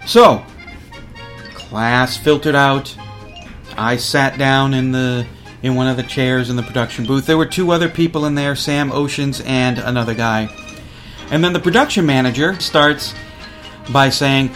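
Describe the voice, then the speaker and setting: A man's voice: mid-range voice, moderate pace, a bit bright, faint music behind. A man hosting a college radio show, telling a story casually and acting out other people's lines.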